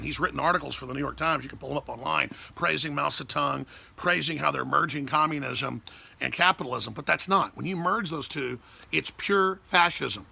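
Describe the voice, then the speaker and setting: Gravelly, fiery Texan man. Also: on the high side, bright, forceful tone. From Texas. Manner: fiery, emphatic, ranting. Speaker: host. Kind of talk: ranting talk show monologue.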